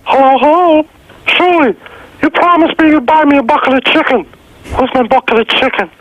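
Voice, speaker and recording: A man voicing a high-pitched, whiny, petulant man who screams demands for food, heard over a noisy phone line. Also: a little fast, a bit bright, dry recording. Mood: whining. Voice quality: shrill, whiny. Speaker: caller doing an impression.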